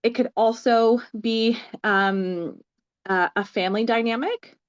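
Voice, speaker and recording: A woman's voice: a little high, fairly even intonation, takes it slowly, smooth. Woman co-host, casual tarot chat, many fillers, slightly dull lo-fi sound. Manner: thoughtful, lots of fillers.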